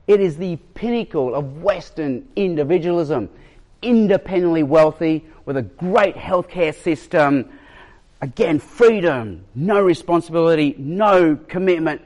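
A man preaching a sermon as a pastor, emphatic and given to storytelling, with jokes and pauses for effect. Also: high voice, expressive, darkish tone. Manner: storytelling, emphatic, varies his pace.

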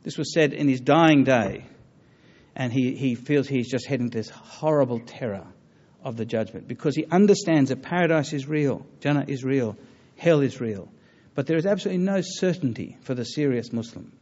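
A man giving a public talk on religion and taking audience questions, earnest and halting, with many fillers and restarts. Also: medium pitch, darkish tone, muffled recording. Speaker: lecturer on religion.

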